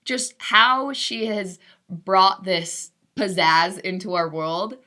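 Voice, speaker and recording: Bright-voiced young woman, emotional podcast chat. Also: mid-range voice, slow pace. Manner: emotional, laughing often. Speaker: podcast co-host. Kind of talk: casual chat.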